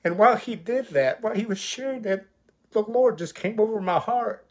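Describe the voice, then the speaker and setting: A man's voice: high voice, moderate pace, a little mellow. A male pastor telling his personal testimony, an emotional, vivid retelling full of quoted dialogue.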